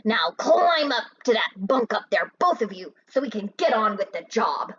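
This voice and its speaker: A woman's voice: medium pitch, sing-song, normal speed, fairly bright tone, muffled recording, slight background noise. A woman reading as a bossy hijacker boss. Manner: commanding, boastful. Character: bossy male hijacker, gang leader.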